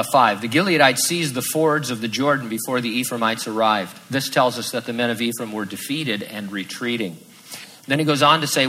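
A man preaching a sermon, lively and acting out the voices in his quotes. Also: medium pitch, rough recording. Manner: animated, acts out quoted voices. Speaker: pastor.

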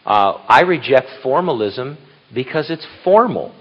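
Speaking in a mid-range, sing-song voice without hurrying, this older pastor and grandfather rambles casually through a conversational sermon, restarting himself and wandering into asides. The audio has a dull, lo-fi quality.

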